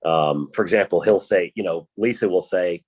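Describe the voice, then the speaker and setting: Lower-voiced chatty man from Rhode Island. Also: moderate pace, darkish tone, slightly rough. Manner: chatty, laughs often. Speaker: podcast host. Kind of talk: casual chat.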